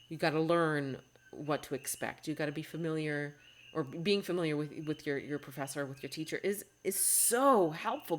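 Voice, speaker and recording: Woman, low voice, podcast host, test-prep coach, earnest and encouraging, frequent restarts.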